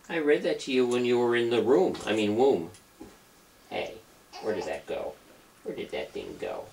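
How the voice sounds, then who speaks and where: A father reading a children's story aloud to his baby at home, gentle and playful. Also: deep voice, very animated, normal speed, a little hiss or hum.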